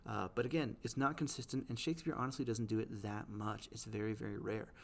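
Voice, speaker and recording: A man teaching, explaining the language of poems in a patient way. He checks in often with "right?" and reads the quoted lines slowly. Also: lowish voice, steady tone.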